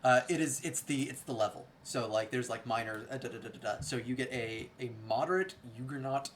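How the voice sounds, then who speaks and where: Man, game master, tabletop session, reads rules aloud, lots of "uh", mid-pitched voice, faint background hiss. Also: fairly quick. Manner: relaxed, reads rules aloud with many fillers.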